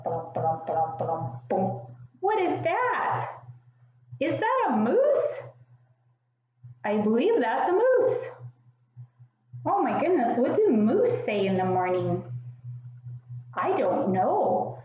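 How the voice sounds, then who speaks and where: A woman's voice: sits high, very animated, slow pace, pauses often, very echoey, dull audio, slight background noise. A woman hosting a preschool sing-along, singing and making playful animal sounds while she asks young viewers questions.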